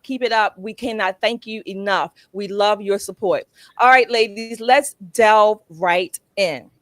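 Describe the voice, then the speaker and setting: A woman's voice: on the high side, a bit bright, dry recording. A woman hosting a political talk show, chatty and emphatic as she rallies her audience. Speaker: host.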